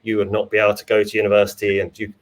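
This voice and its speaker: A man's voice: fairly low pitch, completely flat delivery, rapid-fire. A man, a finance expert and father, chatting in an easygoing way about money. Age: adult with children. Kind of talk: casual video chat.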